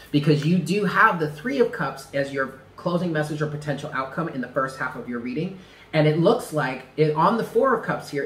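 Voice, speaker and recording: A man reads tarot cards to camera in a casual, chatty way. His voice sits a little high, and he talks with emphatic repeats and slangy asides. The sound carries a noticeable room echo. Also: fairly bright tone, a little hiss or hum. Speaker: tarot reader.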